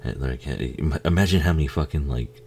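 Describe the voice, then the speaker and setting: Very deep gravelly man, profane commentary. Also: brisk, a little mellow, a little hiss or hum. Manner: profane, laughing, jokey, talks back to the screen. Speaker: film commentary host. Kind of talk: casual movie commentary.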